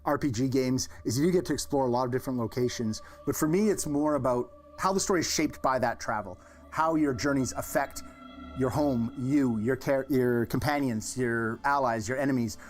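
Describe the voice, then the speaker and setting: A man's voice: medium pitch, moderate pace, soft background music. A man, a game developer, reflecting thoughtfully on story and travel in a promotional interview.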